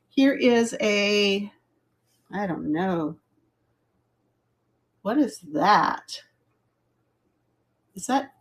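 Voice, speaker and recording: A middle-aged woman hosting a casual live jewelry sale, chatty and rambling, laughing at her own fumbles. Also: medium pitch. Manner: chatty, rambling, self-deprecating. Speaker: live jewelry auction host. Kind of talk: casual live selling chat.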